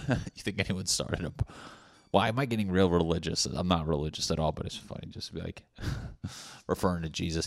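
Man, comedy podcast host, rambling, profane, laughing asides, lowish voice, dry sound. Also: steady tone, brisk, vocal fry, long pauses, no room sound. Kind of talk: comedic solo monologue.

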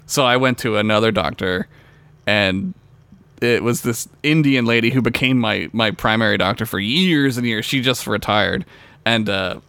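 A man's voice: lowish voice, moderate pace, clean tone, dry recording. A young man co-hosting a podcast, telling a story in casual, profane chat and laughing often. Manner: animated storytelling, swears often, laughs a lot. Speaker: podcast co-host.

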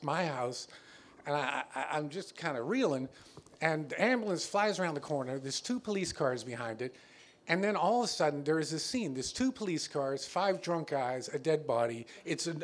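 A man telling a true story on a stage before a live audience, halting and stammering as he acts out the quotes. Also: a little high, expressive.

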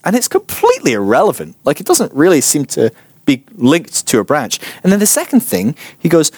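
A man's voice: mid-range voice, fast, breathy edge, dry recording. Chatty man teaching a class. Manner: chatty, animated, acts out quotes. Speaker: church teacher. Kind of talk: informal teaching talk.

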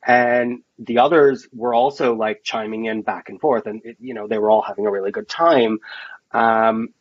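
A man's voice: medium pitch, steady tone, moderate pace, no room sound, muffled recording. A man chatting casually as a podcast guest, telling long rambling stories full of fillers and acted-out dialogue. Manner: rambling storyteller, many fillers and quoted dialogue. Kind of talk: casual chat.

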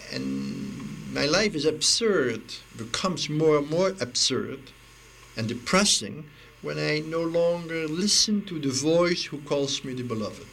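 A man giving an intimate, reflective spiritual talk, earnest and halting, often repeating words as he searches for them, and dropping to a near hush at times. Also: medium pitch, vocal fry, low-quality recording. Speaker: spiritual speaker. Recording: faint hiss, personal audio recording.

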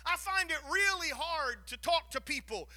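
A middle-aged man preaching a sermon, folksy, quoting scripture, swinging from quiet asides to shouted passages. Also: extremely high pitch, lively intonation, normal speed, no room sound. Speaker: pastor.

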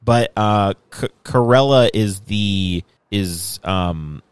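A man with a low voice recounts scenes at an easy pace on a casual podcast and chuckles along the way. His recording sounds dry and close, with no room echo. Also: slow pace, clean tone. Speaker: podcast co-host. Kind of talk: casual fan chat.

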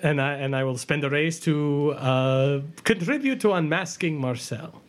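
Man playing a tabletop game, slightly high. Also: lively intonation, a little slow. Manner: hesitant, many fillers, mock-formal in character. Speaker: player. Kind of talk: tabletop role-play, in-character speech.

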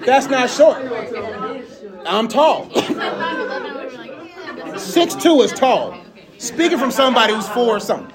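Male preacher, casual storytelling sermon, animated and conversational, frequent laughter. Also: extremely high pitch, takes it slowly, long pauses, crowd noise. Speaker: speaker.

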